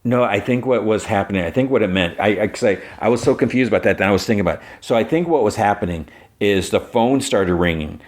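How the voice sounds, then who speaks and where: Deep-voiced man recapping casually. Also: fast talker. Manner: rambling, filler-heavy retelling. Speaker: podcast host.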